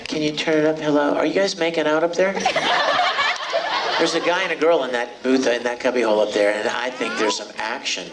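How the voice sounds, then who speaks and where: A man's voice: mid-range voice, fairly quick. A middle-aged man, a voice actor at a convention panel, talking casually and playfully to fans on a handheld mic. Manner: playful, joking, animated storyteller. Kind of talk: casual panel talk to a fan crowd. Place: convention hall stage. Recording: distant audience recording, noisy hall.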